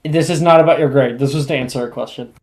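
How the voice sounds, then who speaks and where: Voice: mid-range voice, fast talker, darkish tone. A game master narrating a tabletop game in a casual, rambling way. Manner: casual, rambling with fillers and laughs.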